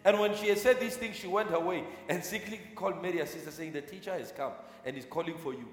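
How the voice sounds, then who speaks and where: A man's voice: on the high side, fast talker, soft background music. A man preaching a fervent sermon, repeating phrases and breaking into tongues. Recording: echoey hall with long reverb.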